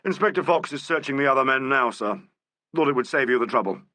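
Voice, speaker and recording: A man's voice: mid-range voice, animated, fast, pushed and bright, no echo. A man reading the part of a bored, laconic, sardonic male fingerprint expert.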